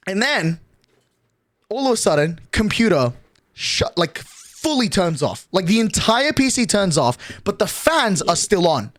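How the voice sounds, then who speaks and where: Lively nineteen-year-old streamer. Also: mid-range voice, measured pace, no room sound, clean studio sound. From Australia. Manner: animated, exasperated ranting with heavy swearing. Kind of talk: casual livestream chat.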